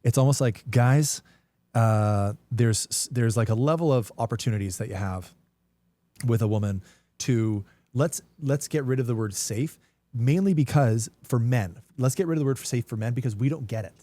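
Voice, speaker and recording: A man's voice: medium pitch, moderate pace, dark tone, no echo. A man talking as a podcast guest in a casual, earnest conversation, reflective and prone to restarting his sentences.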